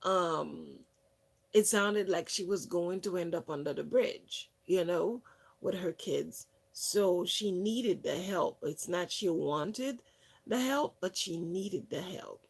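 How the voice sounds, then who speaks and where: Woman, casual storytelling, slow, gravelly, rambling with fillers. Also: lowish voice. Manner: rambling, many fillers and restarts; lively retelling of others' words. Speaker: wellness channel host.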